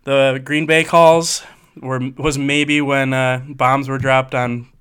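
A man's voice: mid-range voice, level tone, slow pace, a bit bright, smooth. A man from Michigan co-hosting a podcast, telling stories in a jokey, casual way and laughing often. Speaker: podcast co-host. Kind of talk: casual storytelling chat.

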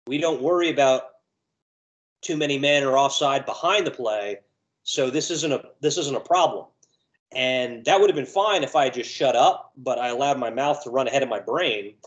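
Male ref, mid-pitched, storyteller who acts out quoted voices. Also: muffled recording. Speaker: lacrosse referee. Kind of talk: conversational storytelling.

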